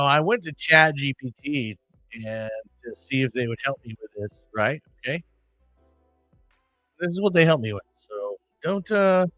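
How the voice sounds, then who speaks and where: A man's voice: mid-range voice, fairly bright tone, dry recording. A man hosting a podcast in casual chat, rambling with crude joking asides. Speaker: podcast host.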